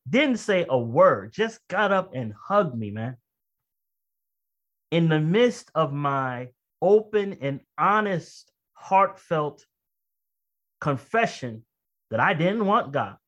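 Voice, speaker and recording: This muffled recording captures a male preacher sharing a story from his own life in a chatty style. He shifts from fast side remarks to deliberate, stressed phrases, and reliving intense feelings sends his voice shooting up high and loud.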